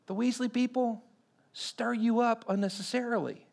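A pastor giving a sermon in a conversational way, often quizzing the congregation. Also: male voice, very high-pitched, fairly even intonation, moderate pace, vocal fry, darkish tone.

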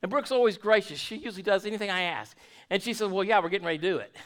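Male pastor, high bright voice, folksy sermon delivery with lots of restarts. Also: very fast. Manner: folksy, repeats and restarts words, asks the congregation questions.

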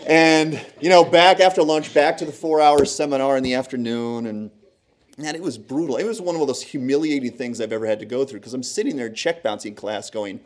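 A man telling a humorous personal story to a live audience in an animated, conversational, self-deprecating way. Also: mid-range voice, fairly quick.

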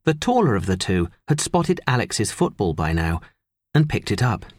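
A man's voice: on the low side, very animated, moderate pace, slightly rough, no room sound. A man narrating a children's novel as an audiobook, telling the story expressively on a close studio mic. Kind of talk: scripted narration.

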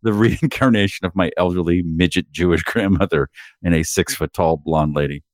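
A middle-aged man with a low voice trades blunt, profanity-laced anecdotes in relaxed podcast banter. The sound is dry and close, with no room around it. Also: moderate pace, no echo. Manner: candid, profane storytelling. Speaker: podcast co-host. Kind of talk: casual chat.

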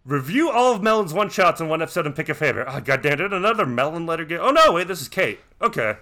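A man's voice: on the high side, sing-song, fast talker, sharp tone. A man co-hosting a podcast, chatting casually with a rambling, profane manner and many restarts. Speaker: podcast co-host.

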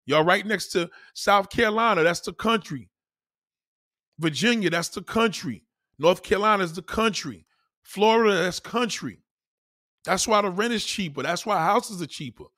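A man's voice: sits high, expressive, normal speed, pushed and bright, no room sound, studio quality. A young man with a New York accent, ranting casually, bluntly and with lots of profanity, hammering his points by repeating them. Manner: blunt, profane, emphatic with repetition. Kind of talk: casual rant.

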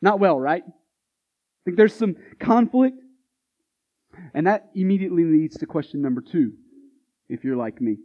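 A man's voice: fairly high pitch, expressive, unhurried, pauses often. A male Baptist pastor preaching a sermon in a conversational, emphatic style full of rhetorical questions, on a dull recording.

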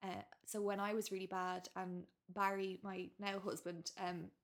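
A woman's voice: mid-range voice, little pitch movement, unhurried. An Irish woman in her thirties, a guest author talking frankly and casually on a podcast, full of "like" and "you know". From Ireland. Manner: frank and chatty, with lots of fillers like "like" and "you know".

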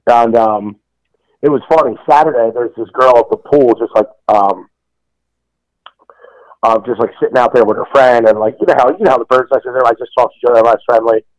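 A man's voice: mid-range voice, steady tone, brisk, dry recording, muffled recording. A man in his thirties, co-hosting a podcast, who tells loose, rambling stories and fills them with lots of "um" and "like". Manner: rambling storyteller with many fillers. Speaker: podcast co-host. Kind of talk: casual chat.

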